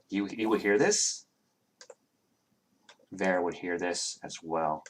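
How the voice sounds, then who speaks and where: A man narrating a tabletop game as game master, pausing often with fillers as he describes the scene. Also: low voice, slight background noise. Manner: halting, with many fillers.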